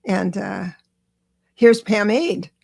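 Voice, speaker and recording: A woman hosting a live-stream tarot reading, chatty and encouraging, talking quickly with many restarts. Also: medium pitch, expressive, creaky, a little mellow. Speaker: tarot reader and show host.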